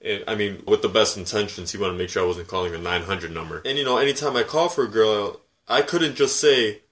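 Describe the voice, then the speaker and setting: A man co-hosting a casual podcast, ranting about everyday annoyances. He swears constantly and tells stories with lively energy. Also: on the low side, a little fast, few pauses. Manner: profane, animated ranting. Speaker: podcast co-host.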